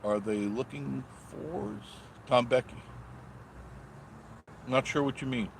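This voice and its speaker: A man with a mid-range voice takes things slowly, with vocal fry and long pauses, and a little hiss or hum underneath. Driving on the road, he live-streams casually, reading chat comments and rambling along with jokes for his viewers.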